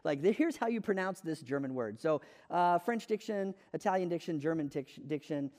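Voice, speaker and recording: A man's voice: on the high side, expressive, normal speed, a little mellow, in a large hall. An American man preaching a sermon in a conversational, self-deprecating storytelling way, with frequent fillers. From United States.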